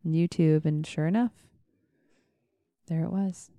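A woman's voice: low voice, slow, dark tone, no echo. A young adult woman co-hosting a casual chat, telling a story and acting out the quoted dialogue. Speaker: podcast co-host.

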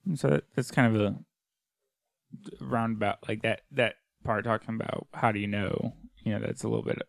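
Man, gravelly, low pitch, jokey co-host, dry sound. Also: steady tone, brisk, no room sound. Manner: joking, punning. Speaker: podcast co-host. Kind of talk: casual chat.

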